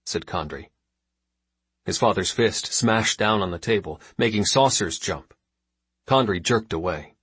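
Husky, low-voiced male narrator. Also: lively intonation, measured pace, a bit bright, dry recording. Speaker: audiobook narrator. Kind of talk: scripted narration.

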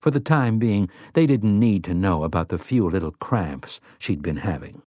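A man narrating an audiobook in a measured, even delivery on a close mic. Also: sits low, no room sound. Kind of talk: scripted narration.

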